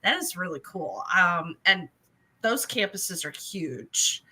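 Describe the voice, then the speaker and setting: Woman podcast host, very bright voice, lively pitch, upbeat interviewer. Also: breathy edge, poor audio. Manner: upbeat, quick reactions and laughs.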